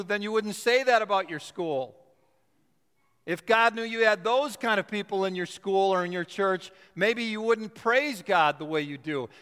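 In a high, sharp voice that's clear and resonant, a man preaches in a church sanctuary, drawing out key words for emphasis. The sermon echoes with a long church reverb.

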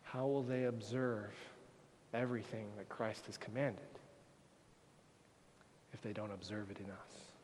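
A man preaching a sermon as pastor, swinging from quiet, measured talk to loud, impassioned passages. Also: on the low side, steady tone, slight background noise. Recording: long reverb of a large hall.

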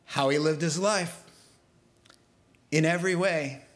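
Male pastor, sermon, fairly high voice, humorous, conversational, gets fired up. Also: unhurried, fairly bright tone.

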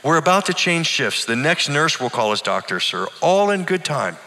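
A brisk, rule-bound female nurse, as a man puts her on, lifted well above his natural pitch. She clips off every refusal with firm, dismissive politeness, and a long hall reverb trails after each line. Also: sing-song, sharp tone. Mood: curt, firm.

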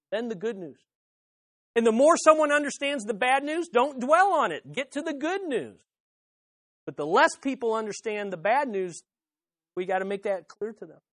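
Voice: medium pitch, no echo. Emphatic preacher with a dry, close sound. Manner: emphatic, repeats key phrases; rhetorical questions and answers. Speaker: pastor. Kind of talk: expository sermon.

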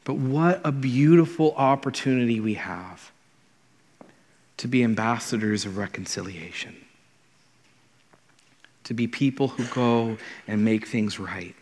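A man's voice: mid-range voice, a little slow, pauses often, a little mellow. A man, a pastor, preaching a conversational and earnest sermon in his thirties, often repeating words as he starts a thought. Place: church sanctuary. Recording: long hall reverb.

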